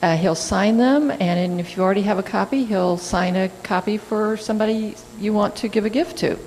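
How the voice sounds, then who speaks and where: A woman leading a church service, giving brisk, friendly announcements. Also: medium pitch, a little mellow. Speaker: service leader. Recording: echoey hall with faint hum.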